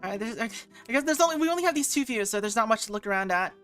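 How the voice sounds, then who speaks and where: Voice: medium pitch, expressive, rapid-fire, a bit bright, faint music behind. A streamer chatting casually and making jokes while playing a detective game. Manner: chatty and joking.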